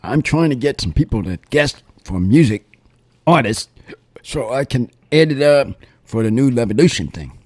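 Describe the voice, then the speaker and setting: A man's voice: mid-range voice, lively intonation, normal speed, darkish tone, no echo. A man hosting a casual talk show, rambling and repeating himself as he talks. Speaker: show host. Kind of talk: casual chat.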